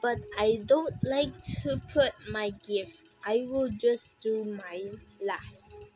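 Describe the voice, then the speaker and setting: A woman with a Filipino accent, talking in a halting, emotional way as she vlogs casually. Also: fairly high pitch, a little mellow, soft background music, poor audio. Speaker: vlogger. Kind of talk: casual rambling vlog.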